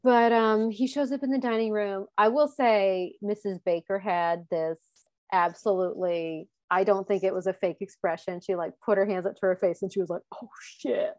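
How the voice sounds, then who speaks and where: A woman's voice: medium pitch, steady tone, moderate pace, darkish tone, dry recording. Chatty woman podcast co-host, dry sound. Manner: chatty, laughs often, acts out quotes. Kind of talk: casual chat recapping a TV show.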